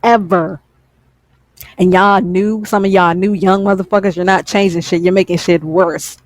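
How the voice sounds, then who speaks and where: A woman's voice: mid-range voice, fairly even intonation, normal speed. A woman gaming YouTuber in a heated, profane ranting vlog, who keeps repeating lines for emphasis.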